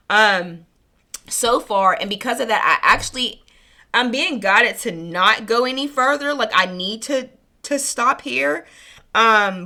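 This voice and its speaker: This spiritual reading channel host, with a bright, forceful, mid-range voice, delivers a sincere and casual monologue to her viewers. She rambles and keeps correcting herself along the way.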